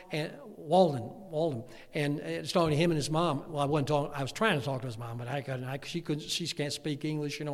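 Middle-aged pastor, man, folksy sermon delivery, fairly high voice, long church reverb. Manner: folksy, swings from quiet to shouting. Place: church hall.

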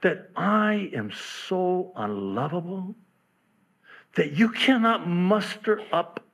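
A man imitating his wife in a raised falsetto voice during a sermon. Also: expressive, slow pace, creaky, fairly bright tone, exaggerated voice. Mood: tearful hurt. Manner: high-pitched falsetto imitation. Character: wife, adult woman, emotional.

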